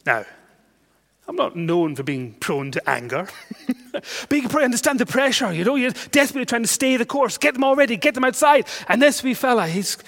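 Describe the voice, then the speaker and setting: Scottish man, preacher, sermon storytelling, high voice, self-mocking, animated. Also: a little fast. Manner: lively, self-mocking storyteller with growing exasperation.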